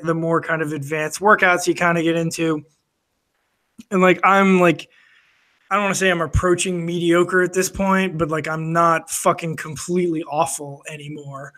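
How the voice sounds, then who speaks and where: A man's voice: fairly high pitch, little pitch movement, measured pace, fairly bright tone. A man co-hosting a casual podcast, rambling through a story with lots of fillers and restarts. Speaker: podcast co-host. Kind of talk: casual chat over drinks.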